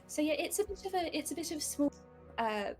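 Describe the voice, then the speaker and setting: A woman's voice: high voice, lively intonation, fairly quick, a little mellow, faint music behind. A woman playing in a tabletop role-playing game, talking casually in character with frequent hesitations. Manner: casual, hesitant, lots of ums. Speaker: player.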